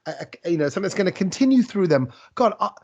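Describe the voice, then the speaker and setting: A man hosting a podcast, telling stories in a rambling, animated way with lots of restarts. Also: high-pitched, rapid-fire, breathy edge, highs cut off. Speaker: podcast host. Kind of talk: casual conversational interview.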